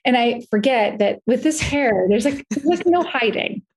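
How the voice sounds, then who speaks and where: A woman talking as a podcast guest, telling stories in a chatty, animated way with lots of "like". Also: on the high side, measured pace. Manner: chatty, animated storytelling with frequent "like". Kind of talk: casual podcast conversation.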